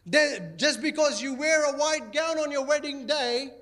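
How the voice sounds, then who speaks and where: High-voiced male pastor preaching. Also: unhurried. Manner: animated, playful, repeats key phrases. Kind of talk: sermon.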